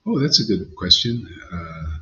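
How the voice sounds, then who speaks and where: Emphatic man preaching with lively pitch. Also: measured pace. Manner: emphatic, blunt, conversational, says "man" often. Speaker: spiritual teacher. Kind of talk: informal devotional sermon to a live audience. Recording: dull lo-fi sound.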